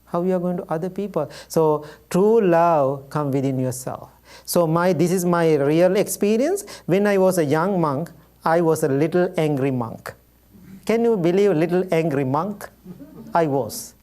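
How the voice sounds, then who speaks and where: A man's voice: on the high side, moderate pace. A man, a Buddhist monk, giving a dharma talk full of personal stories, acting out dialogue in simple, direct phrasing and chuckling often. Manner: lively storyteller who acts out dialogue, simple direct phrasing; chuckles often while speaking.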